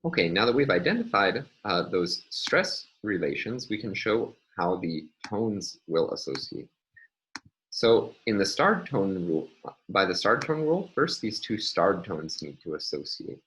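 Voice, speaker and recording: A man lecturing, explaining step by step in a measured way with frequent fillers. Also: sits low, sing-song, a bit bright, slight background noise, low-quality recording. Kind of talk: recorded university lecture.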